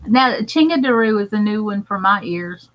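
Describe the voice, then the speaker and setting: A woman's voice: mid-range voice, expressive, normal speed, poor audio. A woman co-hosting a livestream, chatting casually and playing along with word games. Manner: playful, joins in word games. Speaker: livestream co-host. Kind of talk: casual chat.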